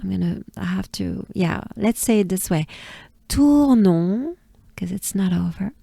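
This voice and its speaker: A woman from France with a French accent, coaching pronunciation patiently and repeating each sound slowly for the listener to copy. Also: mid-range voice, fairly even intonation, vocal fry, warm tone, slightly rough, no echo, studio quality. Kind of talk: slow pronunciation lesson with drills.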